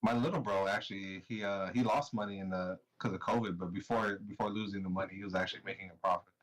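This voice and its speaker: A young man co-hosting a podcast in relaxed, slangy chat, laughing often and swearing freely. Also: sits low, quick pace, low-quality recording. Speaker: podcast co-host. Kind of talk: casual chat.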